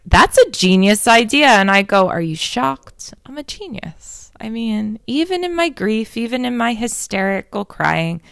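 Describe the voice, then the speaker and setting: A woman's voice: on the low side, fairly bright tone, clean tone, dry recording, clean studio sound. A young adult woman hosting a casual confessional talk, candid and rambling, swearing freely and poking fun at herself.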